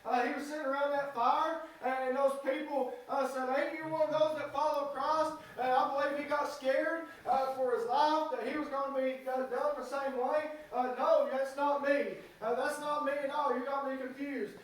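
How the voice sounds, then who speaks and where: High-voiced preacher in an echoey church. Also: male voice, fairly even intonation, distant mic. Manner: halting, fills pauses with "uh"; folksy Southern speech. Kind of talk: sermon. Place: church sanctuary.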